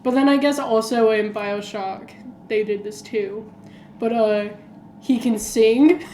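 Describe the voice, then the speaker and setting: Higher-pitched giggly woman, slow talker. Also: dark tone, slight background noise. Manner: giggly, heavy use of "like" fillers. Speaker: podcast co-host. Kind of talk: casual chat. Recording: roomy echoey room.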